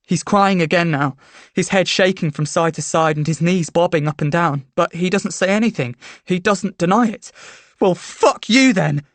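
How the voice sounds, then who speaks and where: Woman reading a story quietly. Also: on the low side, moderate pace, no room sound. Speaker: story reader. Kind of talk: first-person story narration.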